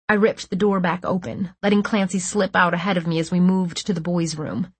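A woman's voice: on the low side, little pitch movement, fairly quick, few pauses, husky, no room sound. A woman narrating a first-person story in a tense, breathless storytelling manner on a close studio mic. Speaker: audiobook narrator.

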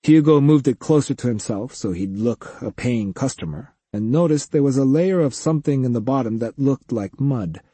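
A man narrating a science-fiction audiobook with expressive storytelling. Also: medium pitch, normal speed, hardly any pauses, breathy edge, no echo. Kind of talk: scripted narration.

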